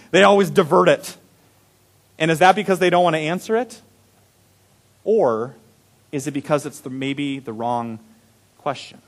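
Animated higher-voiced male preacher. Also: measured pace, long pauses. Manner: animated, chuckling, drops to soft low tones. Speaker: pastor. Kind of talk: sermon.

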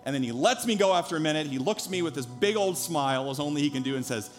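A man's voice: a little high, expressive, fast talker, soft background music. A man in his thirties, a pastor preaching a sermon, telling a personal story earnestly before building to emphatic preaching.

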